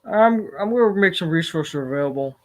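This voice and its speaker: A man with a somewhat high voice runs a casual live stream Q&A, rambling through viewer questions. He swears freely and jumps into loud, animated outbursts. He talks into a computer mic. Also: a little fast.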